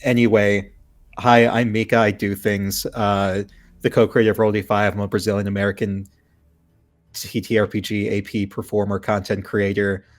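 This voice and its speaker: Rambling animated man at game table. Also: on the low side, normal speed. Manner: rambling, animated, full of restarts. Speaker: tabletop player, content creator. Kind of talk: casual chat around a game.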